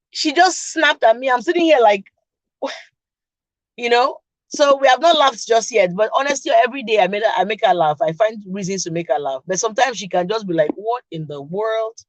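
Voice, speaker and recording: A woman's voice: fairly high pitch, dry recording. Chatty laughing Nigerian woman host. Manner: chatty, laughs often, teases viewers directly. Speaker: podcast host. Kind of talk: casual chat to viewers.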